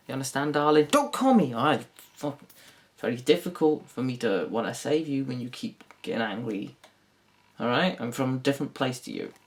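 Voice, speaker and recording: A man's voice: medium pitch, gravelly. Yorkshire guy doing stand-up, rambly, sweary, keeps correcting himself, mid voice. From Yorkshire, England. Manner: rambling, self-correcting, crude, sardonic. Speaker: stand-up comedian. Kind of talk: stand-up comedy routine.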